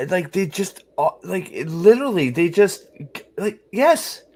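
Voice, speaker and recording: Excitable man with a lively voice. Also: high voice. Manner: excitable, crude, quick to laugh. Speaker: host. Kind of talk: casual fan chat.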